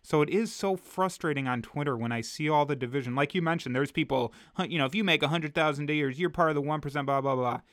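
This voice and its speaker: A man's voice: on the high side, quick pace, hardly any pauses, a bit bright, dry recording, studio quality. A man co-hosting a podcast, talking earnestly and with frustration, often restarting his sentences. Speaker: podcast co-host. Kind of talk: casual podcast chat.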